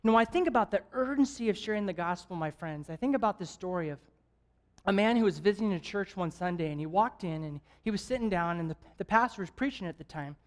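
A male evangelist gives a lively sermon to a church congregation. He tells his stories with animation and breaks into chuckles and jokes along the way. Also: sits high, quick pace. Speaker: guest evangelist. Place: church service.

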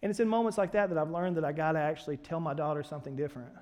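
A male pastor preaching a sermon, telling personal stories and building to loud, emphatic preaching. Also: fairly high pitch, very fast. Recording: hall reverb with soft music behind.

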